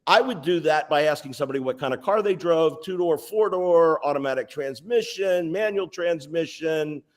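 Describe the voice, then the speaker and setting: Man in his 60s, guest on a sales interview, lively anecdotal storyteller. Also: on the high side. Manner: animated, anecdotal, lists details.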